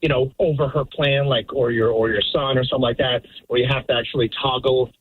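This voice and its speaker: Husky man calling in over a tinny phone line. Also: mid-range voice, steady tone, quick pace, dry recording. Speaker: caller. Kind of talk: casual phone call.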